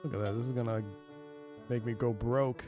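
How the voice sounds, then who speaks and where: A man's voice: mid-range voice, steady tone, a little fast, music in the background. A tired man streaming a retro game, chatting casually and yawning often between comments. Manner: drowsy, yawning, chatty asides. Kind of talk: casual let's play commentary.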